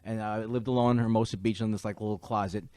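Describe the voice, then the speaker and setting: A man guesting on a podcast, telling stories in a rambling, jokey way with quick asides. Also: fairly low pitch, fairly even intonation, warm tone, no echo. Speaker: comedian guest. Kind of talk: casual comedic chat.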